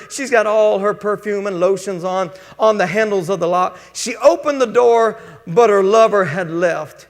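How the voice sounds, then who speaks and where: High-voiced preacher in a hall. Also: male voice, creaky. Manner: folksy, joking, energetic preaching. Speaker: pastor. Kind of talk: sermon. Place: church sanctuary. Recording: church hall reverb.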